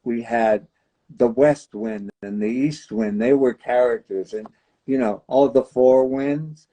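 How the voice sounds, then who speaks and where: A man's voice: mid-range voice, takes it slowly, mellow, low-quality recording. A man in his nineties hosting a casual livestream chat, chatty and laughing often as he tells stories. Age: 90s. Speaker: host.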